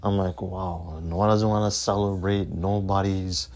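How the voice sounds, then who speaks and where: Profane ranting podcast man, low voice. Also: flat delivery, measured pace, a little mellow. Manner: profane, combative ranting, repeating himself. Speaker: podcast host.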